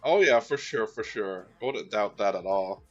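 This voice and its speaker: A man's voice: fairly low pitch, lively intonation, normal speed, faint music behind. Man, casual stream chat, rambling and easygoing, lots of fillers, dull lo-fi audio. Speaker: streamer painting miniatures. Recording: dull, slightly lo-fi sound.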